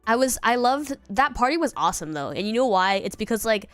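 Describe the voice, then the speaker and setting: A woman's voice: fairly high pitch, animated, fairly quick, a bit bright, no room sound, soft background music. Congested young woman chatting on stream. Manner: rambling, sings snatches of songs. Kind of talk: casual chat.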